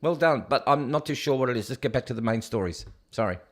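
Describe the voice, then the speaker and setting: A man's voice: mid-range voice, animated, quick pace. A man hosting his own show, reading out news headlines and mocking them in a sarcastic, scoffing rant. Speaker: show host. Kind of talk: casual news commentary rant.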